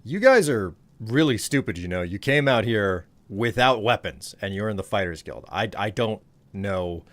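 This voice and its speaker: A man's voice: fairly low pitch, expressive, moderate pace. A man streamer giving casual, dry and sarcastic commentary while playing a game.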